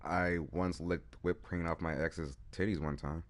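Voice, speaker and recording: A man's voice: low-pitched, steady tone, a little slow. A man hosting a casual podcast chat, eating as he talks, laid-back and profane, with lots of trailing off and repeated words. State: eating, talking with his mouth full. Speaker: podcast host.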